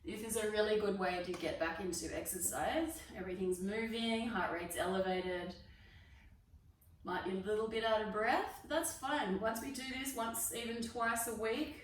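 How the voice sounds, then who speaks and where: A woman with an Australian accent leading a yoga class, giving calm step-by-step breathing cues while she demonstrates the moves. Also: mid-range voice, moderate pace, slight background noise. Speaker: yoga instructor. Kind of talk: guided exercise class. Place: fitness studio. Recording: very echoey room, mic far off.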